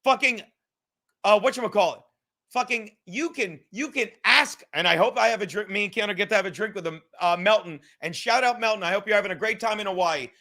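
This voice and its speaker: High-voiced guy in his 30s ranting on his podcast from the couch, swearing a lot, all over the place, sharp bright tone. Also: fairly quick. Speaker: podcast host. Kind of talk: profane livestream rant. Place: home, sitting on his couch.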